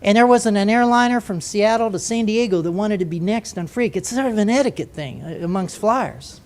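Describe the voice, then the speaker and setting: An older man, a retired jet pilot, telling a story to a live audience in an animated way, breaking into quoted voices. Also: sits high, a little fast. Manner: animated, acts out radio voices and asides.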